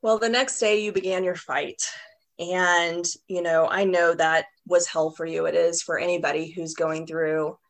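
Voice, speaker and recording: A woman hosts a podcast interview with a gravelly, creaky edge to her voice. She speaks with open emotion, close to tears, praising her guest. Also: fairly low pitch, fairly even intonation, measured pace. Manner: emotional, warm-hearted praise, near tears. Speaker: host.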